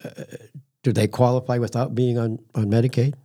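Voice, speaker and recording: A man hosts a talk show in a husky, warm, mellow voice. He rambles through stories with fillers and restarts. His pitch sits in the middle. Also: level tone, fairly quick. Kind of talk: casual podcast chat.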